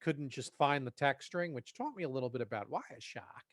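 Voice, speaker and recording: A man's voice: medium pitch, lively intonation, brisk, dry recording, clean studio sound. A man co-hosting a podcast in casual chat, talking in a hesitant, self-deprecating way. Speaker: podcast co-host.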